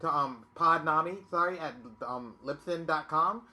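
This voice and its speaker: Man, podcast guest, very bright sharp tone, halting, self-deprecating, lots of ums. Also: on the high side. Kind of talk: casual plug for his podcast.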